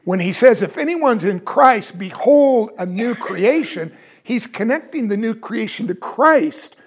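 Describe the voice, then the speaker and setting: A man teaching from the Bible in a high, gravelly voice. He explains carefully and keeps asking his listeners questions to make his point.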